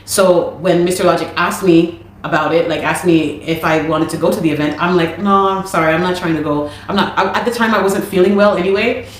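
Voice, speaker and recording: A woman recounts a personal dispute in a lively, indignant storytelling manner. Her voice sits a little low for a woman. The recording has a roomy echo around her. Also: a little fast, slight background noise. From Canada. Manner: animated, indignant retelling.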